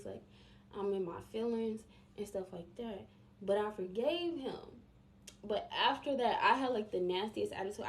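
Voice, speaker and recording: Young woman, slightly high voice, casual and emphatic storytime vlogger. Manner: chatty and emphatic, addresses viewers directly.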